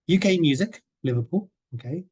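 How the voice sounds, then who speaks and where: A man's voice: fairly high pitch, expressive, moderate pace, dark tone, breathy edge. A man presenting a coursebook in a webinar over a video call, chatty and often checking in with the listeners. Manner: chatty, keeps checking in with "okay?". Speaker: teacher trainer presenting a coursebook.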